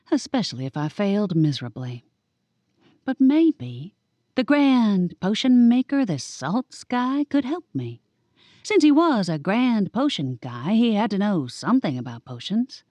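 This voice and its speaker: A woman narrating a cozy audiobook in the first person, giving each character a lively voice. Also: mid-range voice, unhurried, no room sound.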